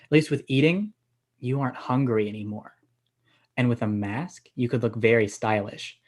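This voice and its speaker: A young man playing a deadpan, pedantic rambler. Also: mid-range voice, normal speed, lightly acted. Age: young adult. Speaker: actor in a student comedy sketch. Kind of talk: stage comedy dialogue.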